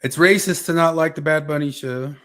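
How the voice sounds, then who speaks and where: A man co-hosting a casual podcast chat in an offhand, relaxed manner. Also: fairly high pitch, fairly quick. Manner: relaxed, offhand, many fillers like "um" and "you know". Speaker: podcast co-host.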